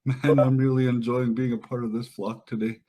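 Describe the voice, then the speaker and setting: A man's voice: medium pitch, little pitch movement, moderate pace, dark tone, rough recording. A man hosting an online event, earnest and effusive, a little flustered and often restarting his sentences. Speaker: event host. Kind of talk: emotional live event hosting.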